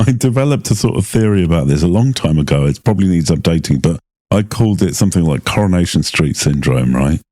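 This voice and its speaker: A middle-aged man co-hosting a casual podcast, agreeable and unhurried, searching for words with many fillers. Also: sits low, lively intonation, mellow, no room sound, studio quality. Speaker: podcast co-host.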